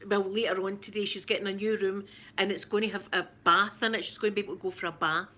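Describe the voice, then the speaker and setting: Bright-voiced Scottish woman telling stories. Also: medium pitch, fast. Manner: animated storytelling with laughs and repeats. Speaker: vlogger, mother. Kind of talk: casual chat to camera.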